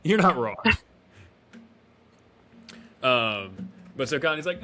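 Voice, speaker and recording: A man's voice: medium pitch, big pitch swings, takes it slowly, bright, forceful tone, a little hiss or hum. A man casually recapping an episode as a podcast co-host, with fillers and self-corrections. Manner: acts out character lines while recapping. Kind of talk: casual review chat.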